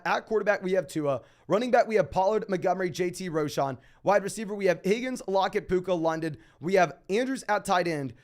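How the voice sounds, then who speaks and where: A young man hosting a casual fantasy football Q&A, reading out viewer questions and answering them in a quick, emphatic way. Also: sits high, a little mellow. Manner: fast, emphatic, calls listeners "my man". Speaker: fantasy football podcast host.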